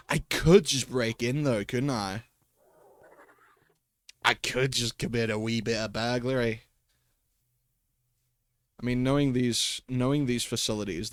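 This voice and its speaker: A man's voice: medium pitch, no echo. A man livestreaming a game in casual commentary, chatty and talking to himself and his pets, swearing and laughing often at a desk microphone.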